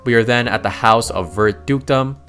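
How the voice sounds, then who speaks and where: Excitable man recapping a comic. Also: mid-range voice, fairly quick. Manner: excitable, slangy, keeps exclaiming. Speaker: manhwa recap narrator. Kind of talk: casual story recap narration.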